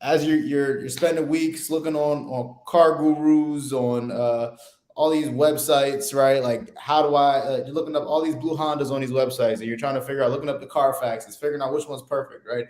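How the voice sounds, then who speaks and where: A man's voice: medium pitch, steady tone, normal speed, a little mellow, echoey room. A young man, co-host of a podcast, explaining an idea in loose casual talk, often tagging "right?" onto his sentences. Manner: loose, filler-heavy, keeps asking "right?".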